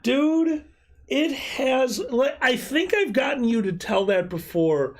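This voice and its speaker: A drunk man chatting loudly and excitedly, cracking jokes with friends on a stream. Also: extremely high pitch, slow pace. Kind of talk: casual drinking-stream chat.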